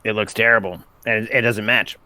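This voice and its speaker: A man playing a tabletop game in character, joking with playful quick asides. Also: fairly low pitch, flat delivery, background noise. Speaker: player.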